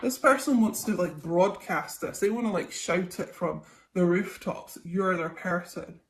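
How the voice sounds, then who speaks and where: A woman's voice: on the low side, a little slow. A young woman, a tarot reader, chatting casually through a psychic reading with lots of ums and okays. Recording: echoey room, faint noise.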